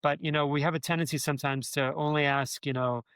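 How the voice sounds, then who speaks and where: A man's voice: fairly high pitch, fairly even intonation, quick pace, fairly bright tone, clean tone, no echo. Guy rambling through a story, tons of you knows, dry sound. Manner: rambling, many restarts and "you know" fillers. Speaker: guest, former speechwriter. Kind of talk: conversational interview storytelling.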